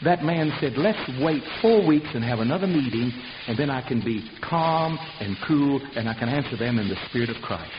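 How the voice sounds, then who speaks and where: An older man preaching a folksy, fiery sermon in church, breaking into loud shouts. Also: medium pitch, animated, normal speed. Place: church service. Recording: dull lo-fi recording with hiss.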